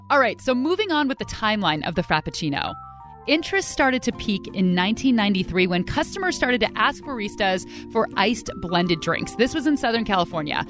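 A woman hosting a podcast, telling stories in an upbeat, chatty, animated way. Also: medium pitch. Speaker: podcast host. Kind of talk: casual storytelling narration.

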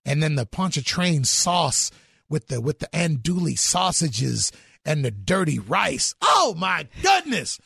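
A man's voice: on the high side, lively intonation, unhurried, vocal fry, a bit bright, husky, dry recording, clean studio sound. A middle-aged man in an enthusiastic interview chat, exclaiming about food. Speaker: guest.

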